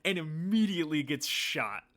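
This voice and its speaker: A man's voice: fairly high pitch, very animated, normal speed, background noise. A man co-hosting a casual podcast, telling a story in a rambling way and acting out the lines he quotes. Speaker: podcast co-host. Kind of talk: casual chat.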